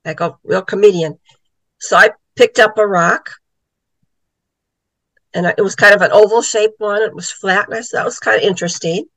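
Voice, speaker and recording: A woman's voice: medium pitch, normal speed, pauses often, a bit bright, no room sound, poor audio. A middle-aged woman, an author and psychic medium, telling a story in a casual interview and acting out the voices she quotes.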